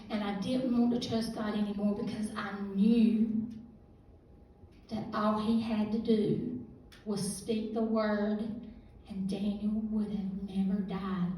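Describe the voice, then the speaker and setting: A middle-aged woman giving a halting, emotional personal testimony as a guest speaker at a church youth service. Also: mid-range voice, little pitch movement, dark tone, slight background noise. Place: church hall. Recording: echoey room heard from a distance.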